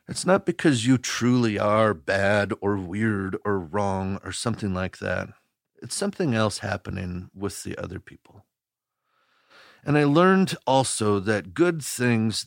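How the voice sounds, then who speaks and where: A man from Wisconsin working as a camp counselor, telling a personal story to children in a gentle, earnest way with a chuckle now and then. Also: lowish voice, creaky, dry recording, clean studio sound.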